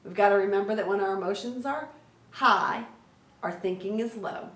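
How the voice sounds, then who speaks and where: Brief woman trainer, lively classroom delivery, quizzes listeners, roomy echo, mic set back. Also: medium pitch, moderate pace. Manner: energetic, asks questions, tags "right?". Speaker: conflict resolution trainer. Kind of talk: teaching lesson to children. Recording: echoey room, mic at a distance.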